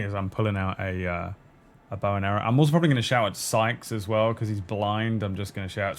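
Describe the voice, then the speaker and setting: A man's voice: on the low side, steady tone, a little fast. A man playing a tabletop game, talking casually and swearing freely. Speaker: player.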